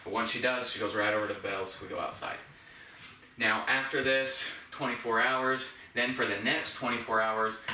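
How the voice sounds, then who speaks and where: A male dog trainer talks through a demonstration, laying out each step plainly and cheering the dog on. His voice has a bright edge. It is recorded a little away from the mic in an echoey indoor room with a faint hum of ambience behind him. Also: fairly low pitch. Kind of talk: instructional demonstration. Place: indoors in a home. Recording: roomy, from a distance.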